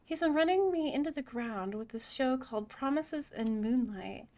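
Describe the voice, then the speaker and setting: A sleazy, rotund studio boss in a cyberpunk game, all high nasal wheeling and dealing in a rough mock New York accent. A woman puts him on while reading the game text. The voice stays fairly high. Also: expressive, moderate pace, darkish tone. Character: rotund male film-studio boss, oily and pushy. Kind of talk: reading game dialogue aloud.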